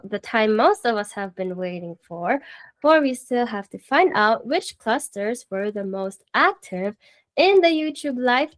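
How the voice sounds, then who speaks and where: A woman hosting a live radio talk show, cheerful and laughing often. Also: fairly high pitch.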